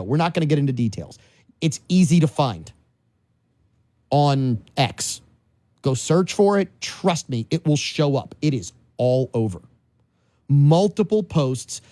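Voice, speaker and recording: This is a man in his forties from New Orleans hosting talk radio from a studio. His voice sits a little high but sounds soft and mellow. He speaks close to a dry mic, chatty and musing, often posing questions aloud. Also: no echo. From New Orleans, Louisiana. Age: 40s. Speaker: radio talk show host. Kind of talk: casual political talk radio. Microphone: studio microphone.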